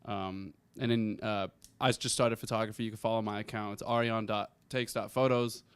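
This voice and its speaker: A man's voice: lowish voice, steady tone, clear, resonant tone, dry recording. Young man, podcast co-host, laid-back, lots of ums, dry close sound. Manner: laid-back, plenty of ums, chimes in with quick reactions. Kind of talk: casual podcast chat.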